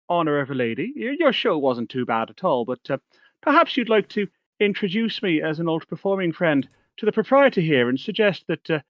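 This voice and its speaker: A man's voice: on the high side, no echo. Grandiloquent male magician, a player's voice, dry and slightly muffled. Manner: pompous, flowery.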